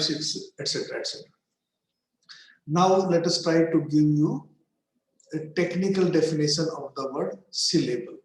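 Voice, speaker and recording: A man giving a slow, deliberate lecture on English literature, repeating words to stress their syllables. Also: a little high. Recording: very echoey room.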